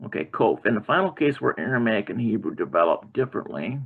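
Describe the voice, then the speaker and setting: Gravelly man teaching over tinny audio. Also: mid-range voice. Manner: reads aloud and adds halting comments with many fillers and self-corrections. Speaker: Bible language teacher. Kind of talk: informal lecture reading from a textbook.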